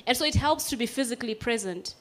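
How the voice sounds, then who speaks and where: A woman from Zimbabwe moderating an audience Q&A, brisk and teasing. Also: fairly high pitch. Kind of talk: hosting an audience Q&A.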